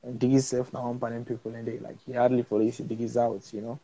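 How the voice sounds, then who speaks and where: A young adult man with a Sierra Leonean accent, a film-maker and cinematographer, talks casually as a guest in a live interview, laid-back and rambling with many fillers and restarts. His mid-range voice is level, mellow and slightly rough, and he talks fast. The sound is lo-fi.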